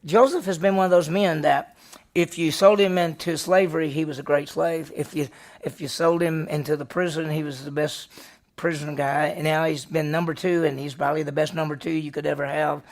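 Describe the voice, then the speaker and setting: A man, a pastor, teaching a Bible study class, reading scripture aloud and quizzing his listeners with lively questions. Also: on the high side, brisk.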